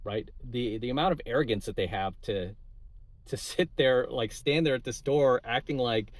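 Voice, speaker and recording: A man's voice: medium pitch, normal speed, dry recording. A man hosting his channel, ranting indignantly in casual talk and tagging lines with "right?". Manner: indignant, repeats "right?" and fills with "uh" and "like". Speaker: channel host giving coaching videos. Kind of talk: casual political rant to camera.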